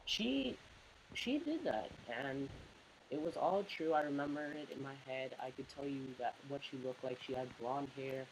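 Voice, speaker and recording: A man's voice: medium pitch, level tone, normal speed, slight background noise, poor audio. A young man telling a childhood story in a rambling, casual way while commenting over gameplay. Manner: rambling, full of "like" fillers. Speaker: gaming commentator. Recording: loud game gunfire behind voice. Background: game gunfire.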